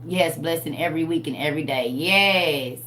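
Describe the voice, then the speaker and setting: A woman in her forties preaching casually to her viewers about her faith, animated and laughing often, calling them y'all. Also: low voice, moderate pace, slight background noise. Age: 40s. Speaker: vlogger sharing faith. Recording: roomy echo.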